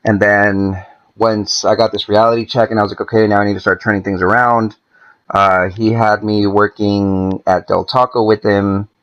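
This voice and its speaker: A man's voice: lowish voice, flat delivery, moderate pace, a bit bright, dull audio. A young man from California telling a long story casually on a podcast, swearing freely and acting out the people he quotes. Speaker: podcast guest.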